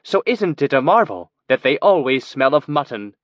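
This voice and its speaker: A man's voice: medium pitch, sing-song, moderate pace, dry recording, lo-fi sound, lightly acted. A man voicing a young woman reciting bawdy verse in an affected drawl with ringing, metered delivery. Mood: mock grand.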